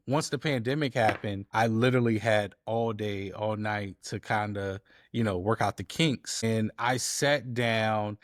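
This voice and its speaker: Animated storytelling man, dry sound. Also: medium pitch, dry recording. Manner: animated storyteller acting out quoted dialogue. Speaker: guest, DJ and editor. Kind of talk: casual storytelling interview.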